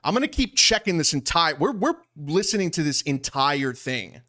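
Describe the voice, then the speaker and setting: A man's voice: a little high, very animated, moderate pace, bright, forceful tone. A young man from Long Island, streaming commentary in an indignant, rambling way that repeats itself. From Long Island, New York. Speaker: streamer reacting to a livestream. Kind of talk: heated commentary over a played stream.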